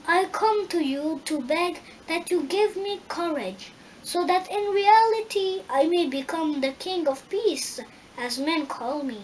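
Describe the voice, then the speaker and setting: A woman's voice: very high voice, animated, measured pace, a little hiss or hum, pitched above the performer's own voice, poor audio. A woman voicing a timid, cowardly male lion in a storybook reading, pleading in a raised voice.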